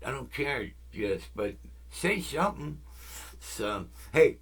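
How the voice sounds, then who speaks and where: A man's voice: mid-range voice, very animated, slow, a bit bright, breathy edge. Guy rambling on his music vlog, lots of ums and side stories, laid back and jokey, talks right at viewers. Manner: rambling, full of fillers and tangents. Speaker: music channel host. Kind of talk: casual rambling vlog chat.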